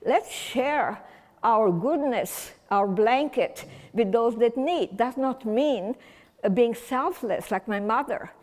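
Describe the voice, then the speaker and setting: A woman's voice: on the high side, lively intonation, slow, in a large hall. An older woman from Transylvania giving a chatty, whimsical public talk to a community audience, rambling with restarts. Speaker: guest speaker. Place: large community hall.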